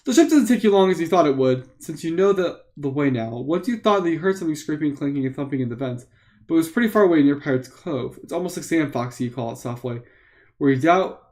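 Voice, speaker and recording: A man's voice: fairly high pitch, darkish tone. A man reading an interactive book aloud live for friends, playful with joking asides.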